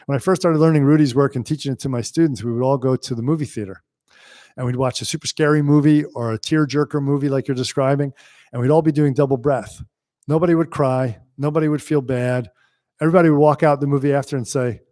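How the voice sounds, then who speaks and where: A man teaching yoga on a live stream, telling lively stories and answering questions from the chat, often laughing and acting out the voices of people he quotes. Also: medium pitch, dry recording, studio quality.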